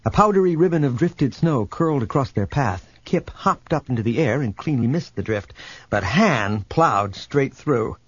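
Husky male audiobook narrator. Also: mid-range voice, expressive, normal speed, no echo. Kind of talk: scripted narration. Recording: dull, slightly lo-fi.

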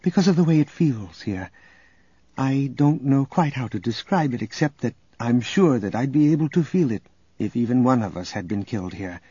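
A man's voice: medium pitch, lively intonation, moderate pace, slightly rough, dry recording. A man voicing a grieving young woman who speaks earnestly and reproachfully, in a storybook reading. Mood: somber. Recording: dull audio under loud music.

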